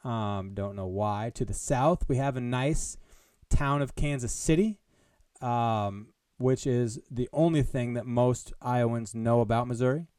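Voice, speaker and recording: A man hosts his solo comedy podcast, rambling from one bit to the next in a joking, mock-grandiose tone. His voice sounds smooth and clear. The recording is close and dry, with no room sound. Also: mid-range voice, unhurried, a little mellow, no room sound. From American Midwest. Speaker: podcast host. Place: Des Moines. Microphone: headphones on, home podcast mic.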